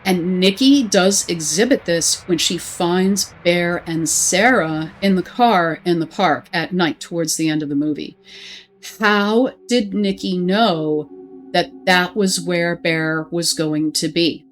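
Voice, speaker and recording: A woman explaining a horror film in a measured, scripted commentary. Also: lowish voice, a little hiss or hum.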